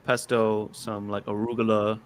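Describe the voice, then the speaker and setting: A man's voice: on the low side, moderate pace. Young man calling everyone "bro". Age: young adult. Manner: animated, says "bro" and "yo" a lot. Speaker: podcast host. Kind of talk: casual chat.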